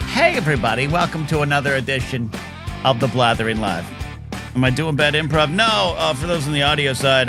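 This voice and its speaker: A man's voice: medium pitch, fairly quick, music in the background. A man in his fifties hosting a live talk show, rambling and jokey with bursts of mock outrage. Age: 50s.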